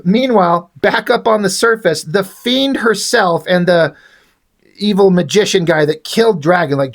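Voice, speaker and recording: A man giving a casual, profane, sardonic recap of a comic book. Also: high-pitched.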